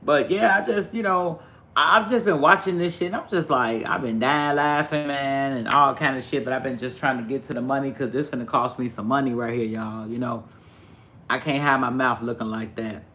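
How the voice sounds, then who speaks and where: Guy w/ ranting on a livestream, cussing a lot, gets loud and heated. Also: medium pitch, normal speed. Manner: profane, animated ranting, talking to viewers. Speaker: live streamer.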